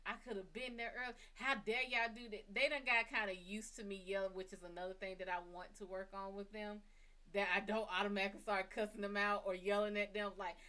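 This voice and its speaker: Bright-voiced woman cursing through a story. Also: mid-range voice, a little fast. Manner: blunt, heavy cursing, lively retelling. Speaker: psychic reader and show host. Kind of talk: casual storytelling monologue.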